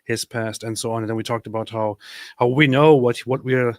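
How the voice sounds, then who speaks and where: A man's voice: medium pitch, fairly even intonation, a little fast, no echo. A man co-hosting a livestream, chatting loosely with viewers and stumbling through fillers and restarts. The sound is dry and close. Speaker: livestream co-host reading super chats. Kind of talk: casual livestream chat.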